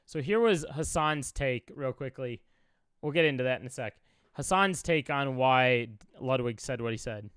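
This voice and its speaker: A man's voice: mid-range voice, animated, normal speed, fairly bright tone, smooth, no room sound, clean studio sound. A young man from Chicago, a streamer reacting to clips, talking in an emotional, rambling way with many fillers.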